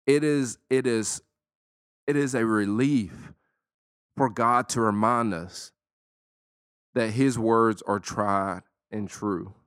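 A man hosting a solo podcast, talking in a casual, emphatic, preachy way and slowing down dramatically to stress words. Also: fairly low pitch, fairly even intonation, smooth, dry recording, clean studio sound. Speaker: podcast host.

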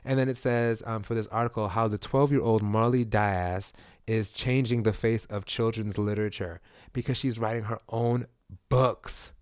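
A man's voice: on the low side, steady tone, moderate pace, clean tone, no echo. Chatty man with a dry, close sound. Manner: chatty, meandering, lots of fillers. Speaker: podcast co-host. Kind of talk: casual chat.

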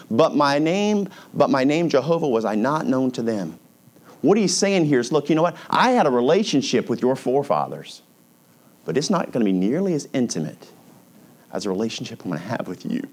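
A man, a pastor, preaching a conversational sermon, reading scripture slowly and dropping softly when he voices God's words. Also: mid-range voice, expressive.

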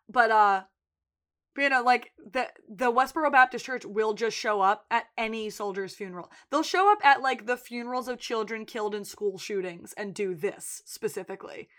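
A woman with a mid-range voice and normal speed co-hosts a podcast. She goes over a TV episode in relaxed conversation, bringing it to life by acting out the characters' lines.

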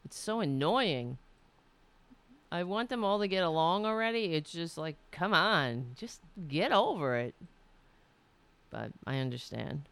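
A woman's voice: on the low side, expressive, a little slow, pauses often, smooth. A woman hosting a casual livestream from home, chatting candidly, laughing easily and swearing now and then. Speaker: political livestream host. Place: home room.

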